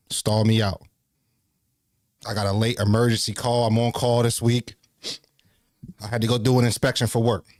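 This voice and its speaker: A man's voice: medium pitch, darkish tone, no echo, studio quality. A man hosting a casual livestream, out of breath, talking in a loose, profane, rambling way with lots of restarts. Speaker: livestream host.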